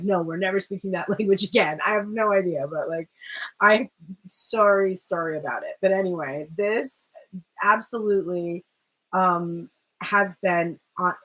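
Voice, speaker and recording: A woman's voice: lowish voice, husky, low-quality recording. A woman giving a chatty, rambling tarot reading who swears casually and often laughs. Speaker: tarot reader.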